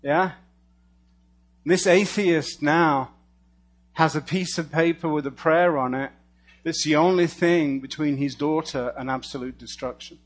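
A man preaching a storytelling sermon and praying aloud, animated and humorous, dropping to a hush and rising loud again. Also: on the high side, unhurried. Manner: animated storyteller with sudden shifts between hushed and loud; casual and humorous, laughs at his own lines. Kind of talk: storytelling sermon and spoken prayer.

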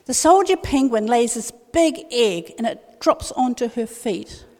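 An older woman, giving a humorous storytelling talk as guest speaker and telling her anecdotes in a lively, animated way. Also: on the high side, unhurried. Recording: long reverb of a large hall.

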